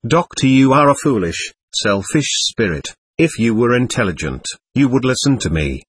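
A man's voice: medium pitch, very animated, normal speed, breathy edge, no room sound, clean studio sound. A man reading aloud the lines of a stern, patient séance doctor who lectures and reasons firmly.

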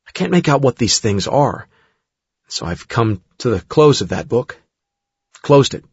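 A man reading the halting first-person account of a woman recalling an abduction, in his own voice. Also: mid-range voice, very animated, slightly rough, dry recording, exaggerated voice. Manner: halting, plain recounting. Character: adult woman recounting an abduction under hypnosis. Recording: dull dry studio recording.

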